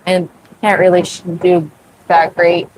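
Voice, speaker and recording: A young woman hosting a casual livestream from her sailboat at sea, chatty, full of "like" fillers and quick laughs. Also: on the low side, flat delivery, a little mellow, a little hiss or hum, rough recording. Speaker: sailing livestream host. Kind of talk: casual livestream chat with viewers.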